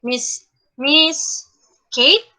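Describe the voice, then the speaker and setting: Young woman, teacher, high bright voice, slow halting delivery, online class. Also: poor audio. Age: young adult. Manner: slow and halting, with many restarts. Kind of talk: role-played classroom lesson. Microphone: online call.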